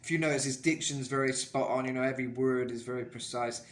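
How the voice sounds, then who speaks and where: A man's voice: mid-range voice, fairly even intonation, fast talker, echoey room. A man coaching singing in a casual, rambling way, full of "kind of" and filler sounds. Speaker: vocal coach. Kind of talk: casual singing tutorial talk.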